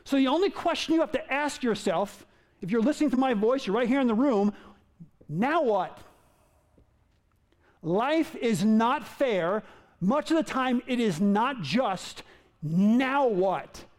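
A male pastor delivering a sermon to a room of listeners. His voice sits very high for a man, and he is animated, acting out quoted lines with sudden leaps in pitch. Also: unhurried. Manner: animated, acts out quotes with big pitch jumps.

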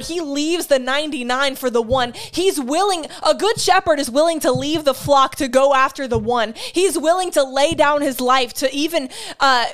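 A young woman with a high voice delivers a heartfelt teaching sermon. She speaks earnestly and with emphasis, returning again and again to her key phrases. She draws on her own experience with open feeling. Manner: shares personal testimony with feeling. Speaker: Bible teacher.

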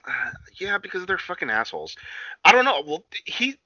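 Sitting high and moving a little fast, this young man's voice co-hosts a casual wrestling chat podcast. He's animated, swears a lot and performs quotes, captured in a dry, dull, lo-fi recording with no room sound.

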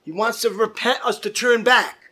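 A man's voice: sits high, steady tone, normal speed, pushed and bright. A man preaching a fervent sermon as pastor, calling out to his congregation. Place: church.

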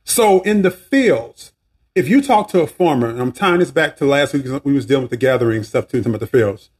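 A man's voice: fairly quick, husky. A man with a Southern accent hosting a faith podcast, talking casually and preachily, with restarts, asides and a voice that rises and falls a lot. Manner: preachy, animated, swinging pitch, asides and restarts. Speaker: podcast host.

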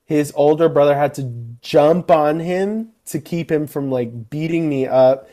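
A young man chats on a casual podcast, his voice a touch high but soft and mellow. He spins animated stories, jumping into the voices of the people in them. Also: a little slow. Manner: animated storyteller who acts out quotes. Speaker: podcast co-host. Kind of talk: casual chat.

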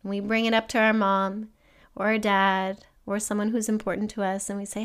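A woman hosting a solo podcast, talking earnestly and gently encouraging listeners with questions for them to think about. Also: fairly quick, clear, resonant tone. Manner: acts out an excited child in a higher voice. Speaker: podcast host. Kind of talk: reflective solo podcast monologue.

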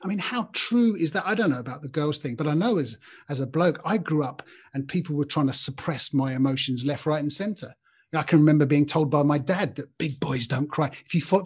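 A man's voice: a little high, breathy edge. A man in his fifties hosting a podcast, giving an earnest, informal Christian talk and speaking straight to listeners by name. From Britain. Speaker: podcast host.

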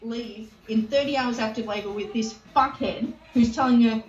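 A woman's voice: on the high side, a little fast. Heated swearing woman, echoey and distant. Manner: heated, swearing, acts out quoted voices. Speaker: podcast co-host. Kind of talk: casual chat, retelling a TV show. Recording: echoey, distant, dull sound.

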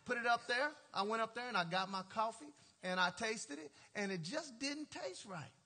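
A male pastor with a very high, bright and piercing voice preaches in a lively, storytelling way. He laughs often and throws casual asides to his congregation. His speech is loose and colloquial, full of "y'all" and "ain't". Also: moderate pace, a little hiss or hum. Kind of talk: storytelling sermon.

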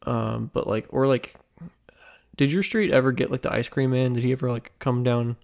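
A man's voice: medium pitch, fairly even intonation, moderate pace, gravelly, a little mellow. A young man co-hosting a podcast in casual chat, teasing and loose. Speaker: podcast co-host.

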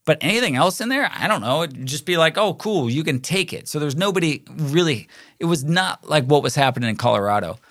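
A man's voice: on the high side, lively intonation, brisk, fairly bright tone, no room sound. Rambling man telling a story, dry sound. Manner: rambling, filler-heavy, acts out quoted voices. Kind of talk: casual anecdotal storytelling.

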